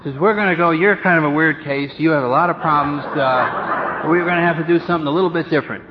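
A man's voice: fairly high pitch, fast, in a large hall. Man telling his story at a meeting, lo-fi. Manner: humorous, self-mocking, acts out quoted voices. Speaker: speaker sharing his story at a recovery meeting. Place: meeting room with an audience. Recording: dull lo-fi recording with background noise.

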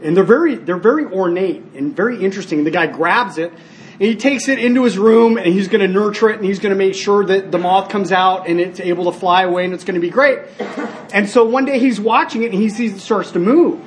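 Man, high-pitched, earnest speaker at a recovery meeting; animated storyteller who restarts often. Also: brisk, slight background noise. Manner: storytelling, animated when acting out scenes. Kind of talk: personal share with told stories.

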